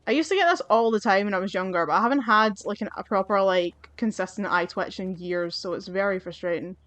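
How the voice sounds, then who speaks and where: A woman's voice: mid-range voice, fairly quick, a bit bright, dry recording. A woman hosting a gaming channel, rambling and swearing through casual gameplay commentary, with her mic a little far away. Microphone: desk mic, a bit far from her face.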